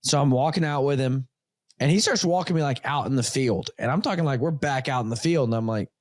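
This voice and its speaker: Man, 30s, podcast host, casual chat, animated storyteller, acts out dialogue, mid pitch, dry close mic. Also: fast, no room sound. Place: home studio.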